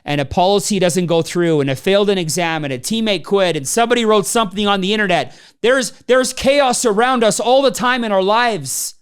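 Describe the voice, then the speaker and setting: With a high, clean-toned voice, this man speaks a little fast and rarely pauses. He's a business trainer delivering a motivational talk to a live crowd, weaving in personal stories and performing the voices of the people he quotes.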